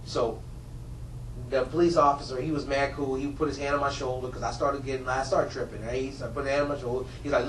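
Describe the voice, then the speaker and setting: A man's voice: mid-range voice, fast talker, fairly bright tone, slight background noise. A man speaking earnestly in a one-man stage show, telling a personal story to an audience. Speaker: motivational speaker and actor. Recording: roomy hall, from far off.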